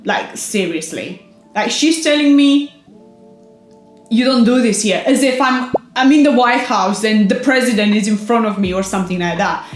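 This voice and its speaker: A woman's voice: mid-range voice, animated, moderate pace. A woman in her twenties telling a story from her own life for a vlog, chatty and emphatic, often saying "like". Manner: chatty, emphatic retelling with frequent "like". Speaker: vlogger. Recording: roomy echo with faint background music.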